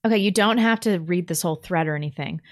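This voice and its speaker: A woman's voice: lowish voice, fast talker. A woman co-hosting a call-in show, blunt and scornful. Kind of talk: casual call-in chat.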